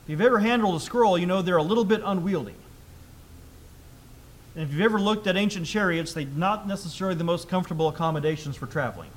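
A man preaching a sermon in a conversational way, asking rhetorical questions and reading scripture aloud more loudly. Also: high-pitched, quick pace, slight background noise. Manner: reads scripture aloud louder.

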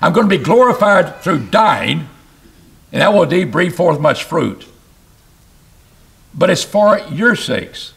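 A man preaching an expository sermon, reading scripture aloud and explaining it, with emphatic rises and sudden low drops. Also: slow, vocal fry, long pauses. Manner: animated, rising to emphatic bursts and dropping low.

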